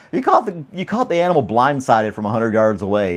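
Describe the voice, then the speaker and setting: In a sing-song, medium-pitched voice at a moderate pace, this livestream host reads chat and chats casually. He laughs a lot and rambles through questions aimed at his viewers.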